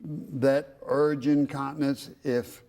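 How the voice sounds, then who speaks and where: A man's voice: mid-range voice, little pitch movement, slow, vocal fry, crowd noise. A man hosting a health talk show, curiously asking a doctor follow-up questions and summarizing the answers. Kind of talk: interviewing a doctor.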